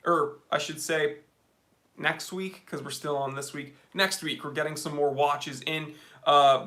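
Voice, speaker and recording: A man's voice: fairly high pitch, bright, forceful tone. A man hosting a casual live stream, chatting upbeat and reading out viewer comments with lots of fillers.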